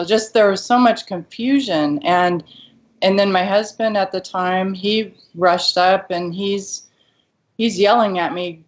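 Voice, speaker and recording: A woman's voice: lowish voice, takes it slowly. A woman guest in an interview recounting a painful past event, voicing the words of others as she goes. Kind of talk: personal account. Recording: dull lo-fi recording.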